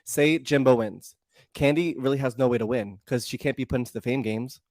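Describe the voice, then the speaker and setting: A man's voice: medium pitch, brisk, darkish tone, dry recording. Male podcast co-host, emphatic and shady, dry close sound. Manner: emphatic, profane, playfully shady. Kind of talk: casual chat.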